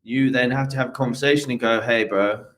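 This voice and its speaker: Crude, joking podcast co-host. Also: male voice, medium pitch, level tone, fast talker. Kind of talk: casual chat.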